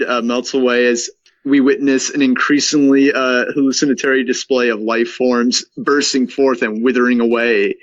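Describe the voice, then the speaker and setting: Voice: mid-range voice, a bit bright, no echo. A podcast co-host chats casually and reads stage directions from a screenplay. The delivery is hesitant and full of filler uhs. The audio is a little dull and muffled, with dry sound. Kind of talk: casual chat and reading a script aloud.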